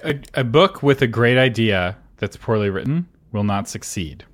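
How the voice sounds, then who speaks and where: A man co-hosting a writing podcast, giving advice in a casual chat, emphatic with quick laughing asides. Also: mid-range voice, animated. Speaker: podcast co-host and author consultant.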